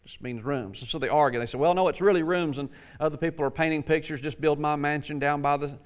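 A pastor preaches in a folksy style, repeating words and building to emphatic crescendos. His voice is on the high side, fast and clean in tone.

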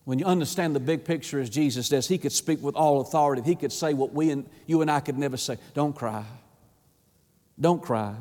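High-voiced preacher in a reverberant hall. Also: male voice, fast talker, few pauses. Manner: impassioned, repeats words, swings between hushed and rising. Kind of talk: sermon.

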